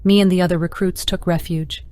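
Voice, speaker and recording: A woman's voice: fairly low pitch, fairly even intonation, fairly quick, darkish tone, smooth, close to an everyday voice. A woman reading as troubled young Akuma. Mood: subdued. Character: troubled young woman questioning her captor.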